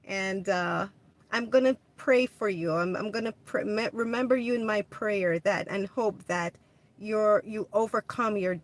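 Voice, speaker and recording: A woman hosting a casual livestream, chatting with viewers in a gentle, hesitant way full of restarts. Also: mid-range voice, unhurried. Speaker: livestream host. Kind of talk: casual livestream chat reading comments.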